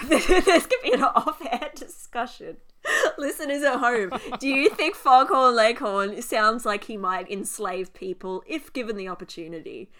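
A woman's voice: fairly high pitch, animated, measured pace, fairly bright tone. An Australian woman co-hosting a podcast in casual chat, laughing often and swearing freely. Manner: laughing, swearing, quizzing her co-host. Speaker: podcast co-host.

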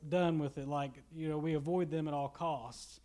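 Young kentucky man, high voice, relaxed joking preacher. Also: normal speed. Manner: casual, joking preaching with laughs and asides. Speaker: pastor. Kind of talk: sermon.

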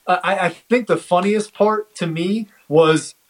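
A man co-hosting a casual podcast chat, talking haltingly with many fillers and restarts. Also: sits high, poor audio. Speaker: podcast co-host. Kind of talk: casual chat reviewing a comedy special.

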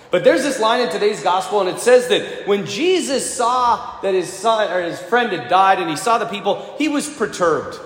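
A man, a priest, preaching a sermon in a church and telling stories with lively, animated delivery. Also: high-pitched. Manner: animated storyteller, acts out children's voices. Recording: echoey church hall with long reverb.

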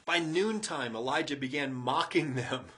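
With a mid-range voice at a moderate pace, a man animatedly preaches a sermon. He retells a story with drama, chuckling in asides and delivering quoted lines loudly and emphatically.

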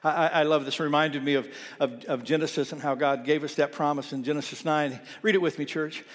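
A man preaching a sermon as pastor, telling stories and quoting people, sometimes dropping to a soft near-whisper. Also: on the high side, steady tone, fairly quick. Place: church sanctuary. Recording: long reverb in a church hall.

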